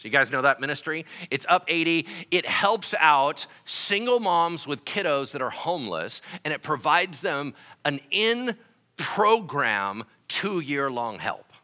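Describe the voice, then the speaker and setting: A man's voice: fairly high pitch, takes it slowly. A man preaching a sermon as pastor, telling stories and acting out the people he quotes. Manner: animated storytelling, quoting others in their voices.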